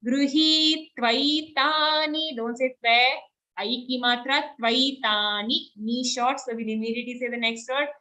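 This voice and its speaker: A woman teaching verse recitation online, chanting lines slowly and then correcting pronunciation briskly. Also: a little high, fairly even intonation, sharp tone.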